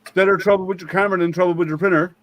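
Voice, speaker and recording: A man's voice: sits high, steady tone, very fast, a bit bright. A man hosting a casual online maker hangout, chatty and laughing often, trailing off with ums. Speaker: host of a maker hangout stream. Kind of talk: casual chat.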